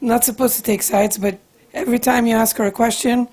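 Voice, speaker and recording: A woman's voice: a little high, fairly even intonation, fast talker, darkish tone. A woman moderating and interpreting, emotional and apologetic, rambling as she rephrases a question.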